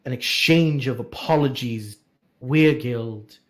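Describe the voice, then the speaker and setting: A man voicing a tired, devoted maester who speaks quietly in a tabletop game. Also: medium pitch, takes it slowly, natural voice. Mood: weary. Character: weary, devoted older male maester.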